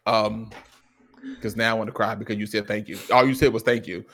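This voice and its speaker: A man's voice: lowish voice, fairly quick. A man co-hosting a podcast conversation who tells stories earnestly and acts out quoted lines. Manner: animated storytelling, acts out his son's lines; earnest and reflective. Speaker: podcast co-host. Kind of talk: casual conversation.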